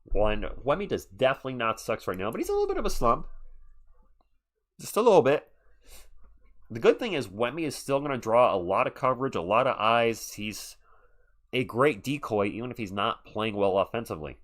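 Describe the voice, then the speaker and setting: A man's voice: mid-range voice, big pitch swings, a bit bright. Male live-stream commentator, mid-range voice, casual play-by-play with chat banter. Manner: chatty, answers the chat between rapid play calls.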